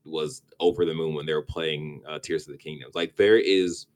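Low-voiced guy cohosting a gaming podcast, rambly, trips over words and restarts a lot. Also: steady tone, normal speed, a little mellow, a little hiss or hum. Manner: rambling, stumbles and restarts, laughs easily. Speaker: podcast co-host. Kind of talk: casual gaming podcast chat.

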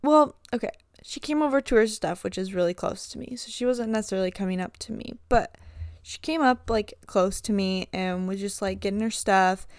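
A woman's voice: medium pitch, fairly quick, no room sound, clean studio sound. A young woman hosting a casual podcast monologue as a swim coach, chatty and full of "like" fillers.

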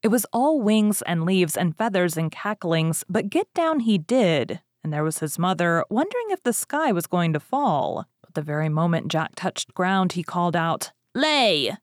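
A woman narrating a fairy tale, reading expressively with lively rises on exciting words. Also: lowish voice, normal speed, few pauses, no room sound, studio quality. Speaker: story reader. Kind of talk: storybook narration.

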